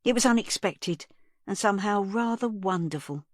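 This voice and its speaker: Here a woman narrates an audiobook from a script, keeping an even, measured storytelling pace. The mid-range voice is recorded dry at studio quality.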